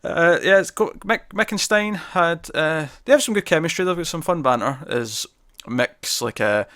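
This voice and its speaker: Podcast co-host, man, casual, animated scene retellings, dry room. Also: on the high side, normal speed, dry recording. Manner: chatty, laughs often, quotes scenes in lively bursts. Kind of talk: casual review chat.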